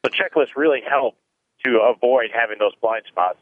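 A man's voice: mid-range voice, normal speed. A man speaking as a guest in a phone interview, explaining retirement planning thoughtfully and often restarting his sentences. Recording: tinny phone line.

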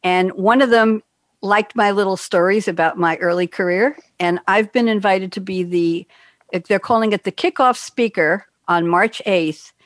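A woman's voice: lowish voice, no echo. An older woman from New York hosting a talk show, chatting and telling stories with bubbly asides. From Queens, New York. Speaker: radio show host. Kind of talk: casual chat.

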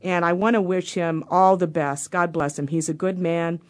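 A doctor in her fifties who hosts a radio show tells a casual story in the studio, animatedly acting out each quote. Her voice is fairly low and delivered at a normal pace.

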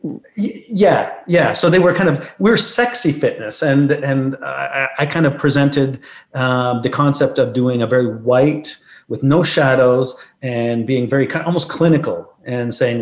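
Man guest, mid-pitched, reflective anecdotes, roomy echo. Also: a little slow. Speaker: guest, photographer. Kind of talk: conversational interview storytelling.

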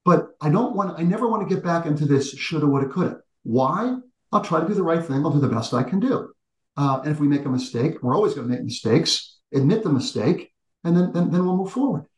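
A man in his sixties, an executive and teacher, telling stories in an animated conversational way with frequent restarts. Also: on the high side, a little fast, reverberant, low-quality recording. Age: 60s. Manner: animated storyteller with frequent restarts, addresses the host by name. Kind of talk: conversational interview storytelling.

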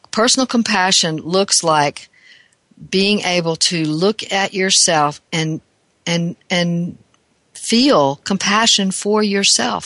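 A talk show host and counselor speaking earnestly about self-compassion, often restarting sentences and slowing down for emphasis. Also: mid-range voice, a bit bright, dry recording.

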